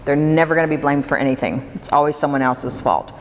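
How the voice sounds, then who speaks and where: A fast-talking woman with a low voice leads a live workshop in a hall, addressing the audience casually and questioning the room. The sound is reverberant, with a faint hum of room noise.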